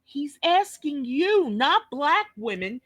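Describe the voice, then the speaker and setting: A woman's voice: high-pitched, sing-song, takes it slowly, fairly bright tone, no echo. A woman with a New York accent hosting a reaction video, delivering a blunt, cursing, scolding rant. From Brooklyn, New York. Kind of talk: profane reaction commentary.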